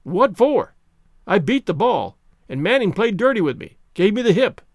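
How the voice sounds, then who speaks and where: A man voicing a gruff, aging male baseball captain who argues loudly and stubbornly in an audiobook reading. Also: high-pitched, big pitch swings, normal speed, no echo, studio quality. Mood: indignant. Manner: blustering, indignant shouting.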